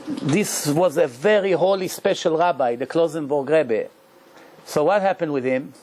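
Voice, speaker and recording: Middle-aged rabbi, high voice, animated lecture-style storytelling, non-native phrasing. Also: male voice, normal speed. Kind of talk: Torah lecture.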